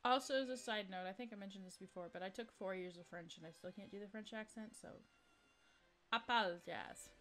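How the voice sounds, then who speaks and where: A woman's voice: medium pitch, animated, a little fast, a bit bright, faint music behind. A young woman playing through a game on video, reading lines aloud and making playful, self-mocking asides. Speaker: gaming YouTuber. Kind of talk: let's play reading and commentary.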